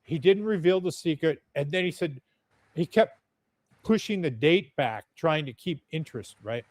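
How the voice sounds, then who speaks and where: A man's voice: on the high side, lively intonation, normal speed, no echo. A man telling a story as a podcast guest in a blunt, chatty, profane way. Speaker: podcast guest, UFO videographer. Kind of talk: casual storytelling.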